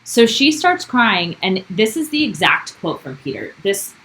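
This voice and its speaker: A woman's voice: medium pitch, very animated, unhurried, a bit bright, slight background noise, low-quality recording. A woman co-hosting a podcast, chatting casually as she recaps a TV episode and reads quotes aloud from her notes. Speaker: podcast co-host.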